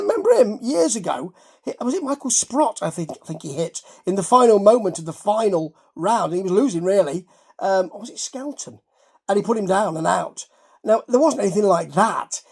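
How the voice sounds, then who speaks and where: A man's voice: sits high, sing-song, brisk, vocal fry, a little mellow, slightly rough. A man hosting a casual boxing chat, rambling and correcting himself as he goes. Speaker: host.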